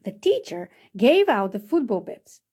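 A woman's voice: on the high side, big pitch swings, a little slow, warm tone, breathy edge. A woman reading a children's storybook aloud, changing her voice for each character.

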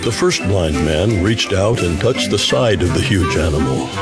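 Low guy reading a kids story, lively pitch, loud music under it. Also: normal speed. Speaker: narrator. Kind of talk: storybook narration.

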